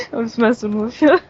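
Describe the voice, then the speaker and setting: A woman's voice: fairly high pitch, slight background noise. A woman from the southern United States, a podcast guest in casual chat who rambles and laughs often. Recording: dull lo-fi audio.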